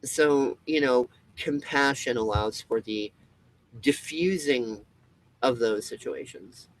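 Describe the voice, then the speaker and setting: Through poor audio, a man's mid-range voice comes at a slow pace. He's a video host delivering a loose monologue to camera, full of restarts and free swearing, and he performs the voices of people he quotes.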